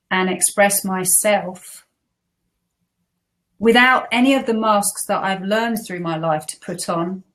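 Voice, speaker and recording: A woman co-hosting a casual spiritual chat, earnest and reflective. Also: mid-range voice. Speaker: co-host.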